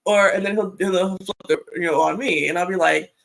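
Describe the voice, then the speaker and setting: A woman speaking as a panel guest in casual chat, talkative and lively. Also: mid-range voice, a little fast, gravelly, few pauses. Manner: chatty, acts out quotes, laughs.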